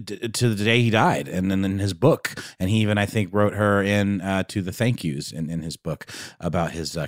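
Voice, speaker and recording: A man with a lowish voice co-hosting a casual history podcast. He talks in a relaxed way and often trails off into quiet asides, recorded dry and close. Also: dry recording. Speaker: podcast co-host.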